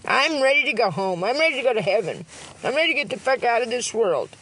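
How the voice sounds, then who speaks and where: A woman's voice: a little high, big pitch swings, fast, noisy background. A woman ranting angrily on a phone livestream, heated, profane and repetitive. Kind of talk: angry livestream rant.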